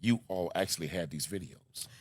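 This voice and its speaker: Very deep-voiced man, dry sound. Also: a little fast, dry recording. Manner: firm, summarizing the story back. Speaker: activist interviewer. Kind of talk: interview questions and summaries.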